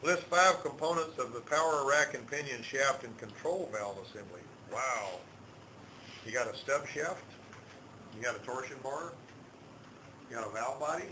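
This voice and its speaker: A man's voice: mid-range voice, lively intonation, normal speed. A male automotive instructor lecturing a class, quizzing students and drilling terms by repetition. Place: auto shop classroom. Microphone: far camera. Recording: echoey shop with loud background noise.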